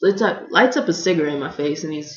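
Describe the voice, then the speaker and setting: Young american woman telling a funny story, lots of little voices, kinda low voice, muffled echoey room audio. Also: fast talker. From United States. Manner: animated, acts out other people's lines in voices. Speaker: vlogger. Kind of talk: comedic personal storytelling. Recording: echoey room, dull lo-fi sound.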